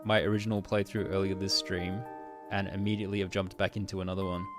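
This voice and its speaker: A man's voice: sits low, flat delivery, fast, music in the background. A man casually commenting while streaming a game, laughing often and reading the game text aloud.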